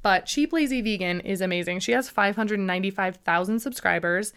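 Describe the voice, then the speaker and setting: A woman's voice: mid-range voice, a little fast, a bit bright, smooth. A young woman from the United States hosting a casual podcast, chatty and gushing, with lots of fillers. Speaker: podcast host.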